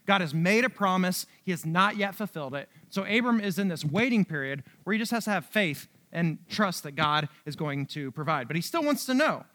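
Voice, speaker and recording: A young man with a high voice gives a casual Bible teaching. He talks the way he would with friends, slangy and loose, and keeps checking in with "right?" as he goes. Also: animated, brisk, few pauses, sharp tone. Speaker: preacher.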